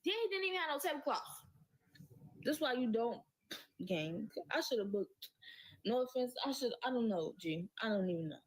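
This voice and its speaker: A woman's voice: a little high, big pitch swings, moderate pace, long pauses, poor audio. A teenage girl telling a story in an exasperated, slang-filled casual rant, swearing often. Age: late teens.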